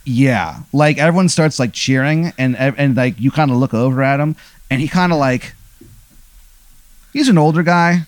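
A man improvises a long, goofy scenario in casual conversation, full of fillers, restarts and quick jumps into the characters' voices. His pitch sits in the ordinary middle range for a man. The recording is dry and close. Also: no echo. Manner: rambling, many fillers and restarts, acts out quoted lines. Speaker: host telling a made-up scenario.

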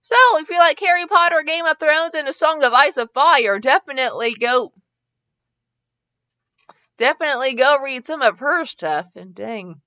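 A woman's voice: high voice, expressive, normal speed, pushed and bright. Giggly, rambling woman reading fanfiction. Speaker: fanfiction reader and reviewer. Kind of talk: reading aloud and casual review. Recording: slightly muffled home recording.

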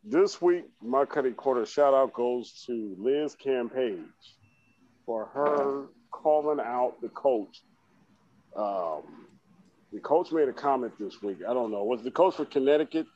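Loud joking man on a lo-fi podcast. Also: medium pitch, expressive, a little slow. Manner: loud, joking, puts on silly voices. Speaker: podcast co-host. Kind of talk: casual comedic podcast rant. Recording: dull lo-fi sound.

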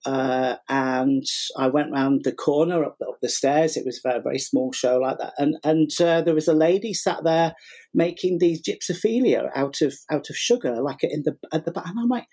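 A man's voice: fairly high pitch, moderate pace, mellow, husky. A middle-aged man telling a long story in a casual interview, rambling with fillers and acting out what people said. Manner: rambling, many fillers and repeats, acts out quotes. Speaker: guest, sugar flower artist and teacher.

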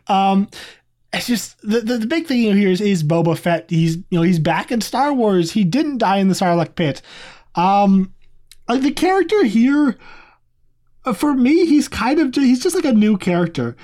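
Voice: medium pitch, lively intonation, a little slow, a little mellow. A podcast co-host in a casual review chat, talking in a chatty, rambling way with many asides.

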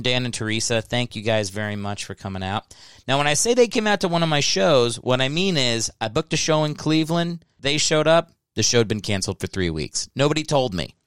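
A man in his thirties from Ohio hosts a solo podcast, rambling and cracking profane jokes. His voice is smooth and clean, close on the mic in a dry, dead room. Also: mid-range voice, a bit bright, dry recording. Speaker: podcast host and stand-up comedian. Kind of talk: casual solo podcast monologue. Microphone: close microphone.

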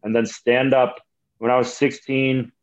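A man's voice: medium pitch, unhurried, muffled recording. A young man, a comedian telling rambling, profane stories in a casual podcast chat. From Canada. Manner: rambling, profane, animated storytelling. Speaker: comedian guest.

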